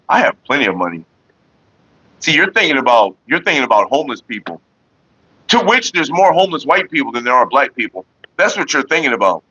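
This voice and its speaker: A man's voice: mid-range voice, very animated, brisk, bright, forceful tone, slightly rough, no echo, highs cut off. A man hosting a casual livestream, talking bluntly and profanely straight to his viewers. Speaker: livestream host.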